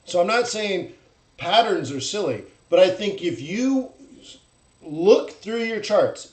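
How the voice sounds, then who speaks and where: A man hosting a live trading stream, talking bluntly and animatedly and mocking traders in loud put-on voices. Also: high voice, lively intonation, slow, roomy sound, rough recording. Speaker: forex trading host. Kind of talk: live-stream market commentary.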